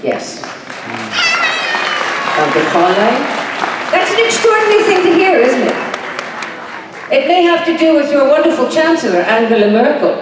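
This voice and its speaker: A woman on a big convention stage, answering fans in a theatrical, emphatic way. Her pitch swoops widely from line to line. She is picked up from a distance in a booming, echoing hall, with a crowd murmuring behind her. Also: background noise. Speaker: convention panel guest. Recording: echoey hall from far off, crowd.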